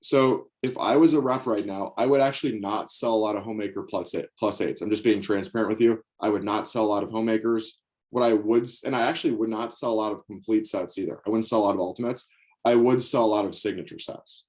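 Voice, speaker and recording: A young male sales trainer runs a sales training session indoors, with knives laid out on a table. He is upbeat and direct and repeats key lines so people can take notes. His lowish, slightly mellow voice moves at a quick pace with fairly even intonation.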